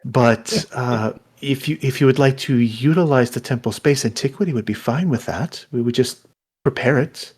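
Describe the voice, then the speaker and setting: A man's voice: mid-range voice, moderate pace, darkish tone, husky, lightly acted. A man voicing a shy, flustered young priestess woman who stammers and hesitates politely in a tabletop game. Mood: hesitant.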